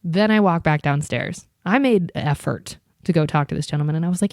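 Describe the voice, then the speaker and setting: A woman's voice: sits low, fairly quick, hardly any pauses, a little mellow, dry recording, studio quality. A young adult woman hosting a podcast, telling a story in a chatty, candid way and swearing freely. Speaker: podcast host. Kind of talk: casual storytelling.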